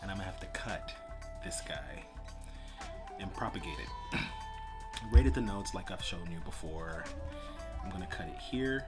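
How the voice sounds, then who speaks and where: A man's voice: low voice, lively intonation, moderate pace, long pauses. A man chatting casually and self-deprecatingly as he pots a houseplant for his vlog. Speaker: plant vlogger. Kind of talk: casual chat while potting a plant. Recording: background music.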